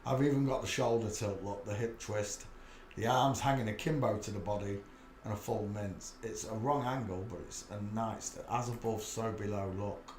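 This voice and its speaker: A man's voice: lowish voice, moderate pace, darkish tone, echoey room, a little hiss or hum. A man with a Yorkshire accent giving a muttered running commentary as he browses images for his channel. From England. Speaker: channel host.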